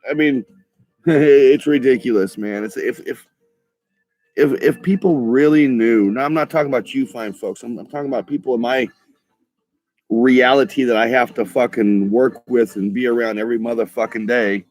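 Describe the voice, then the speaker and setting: Man, angry vlog rant, swears constantly, stammers and restarts, mid-pitched voice, laid-back drawl. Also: moderate pace, a little mellow. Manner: profane, heated, stammering restarts. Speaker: vlogger. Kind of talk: ranting monologue.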